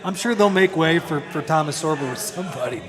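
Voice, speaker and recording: A man's voice: fairly high pitch, lively intonation, quick pace, a crowd in the background. A man co-hosting a live basketball draft show in a chatty, loose way, hedging as he talks. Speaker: sports podcast co-host. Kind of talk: casual live draft-night panel chat.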